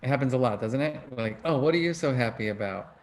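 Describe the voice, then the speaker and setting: A middle-aged man with a mid-range, expressive voice talks at a quick pace while hosting an online book club over video call. He's a book club host and emotion researcher who teaches casually and conversationally, putting questions to his audience.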